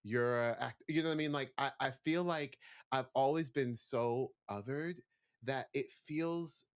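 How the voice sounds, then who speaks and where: A man talks slowly and unhurriedly as a guest, circling his thoughts with lots of "like" and restarts. He sounds reflective and open. The chat happens backstage in his dressing room. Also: medium pitch. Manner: searching, heavy use of "like" fillers. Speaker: guest, stage performer. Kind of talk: reflective interview answers.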